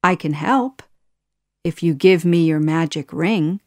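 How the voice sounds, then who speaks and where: A woman's voice: low-pitched, slow, a little mellow. A woman voicing a scheming male royal advisor, sly and commanding in a storybook reading.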